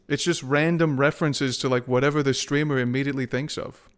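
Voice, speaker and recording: A man's voice: medium pitch, steady tone, a little fast, clear, resonant tone. A young man streaming a game, rambling profanely and joking with his chat. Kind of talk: casual gameplay stream chat.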